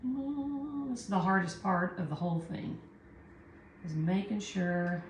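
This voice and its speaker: Here a Southern US woman leads a live art tutorial, talking through every step in a self-mocking way while chatting with viewers. Her voice sits on the low side with fairly even intonation at a moderate pace. Background noise runs under the echoey room sound.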